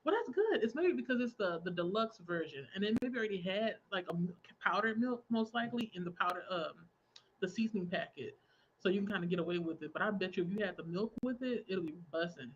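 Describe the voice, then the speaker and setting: A young adult woman hosting a relaxed crafting livestream, chatting casually, laughing often and reading out viewer comments. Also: mid-range voice, fairly quick, highs cut off, a little hiss or hum. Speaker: livestream host. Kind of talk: casual chat while crafting.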